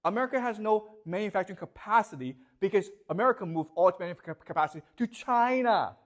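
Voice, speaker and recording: A man's voice: high-pitched, expressive, fast talker. A man lecturing a classroom, asking students questions and checking often whether they follow.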